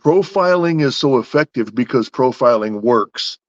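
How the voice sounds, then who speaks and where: A man's voice: medium pitch, expressive, moderate pace, no echo, highs cut off. A man hosting a podcast who argues his points casually, stacking up rhetorical questions. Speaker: podcast host.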